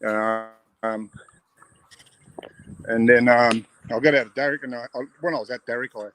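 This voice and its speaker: A middle-aged Australian man tells his own story in a frank, halting way. He talks over a video call in an ordinary mid-range voice. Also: mid-range voice, fairly even intonation, fairly bright tone, a little hiss or hum, rough recording. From western Sydney, Australia. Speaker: guest, abuse survivor advocate. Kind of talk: personal testimony in an interview. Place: outdoor shed on a hill.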